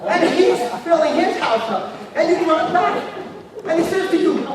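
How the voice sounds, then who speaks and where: A man in his fifties giving an animated, shouting seminar talk, telling a story and laughing as he goes. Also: extremely high pitch, normal speed. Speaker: motivational speaker. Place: large hall with a live audience. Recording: echoey hall from far off, crowd noise.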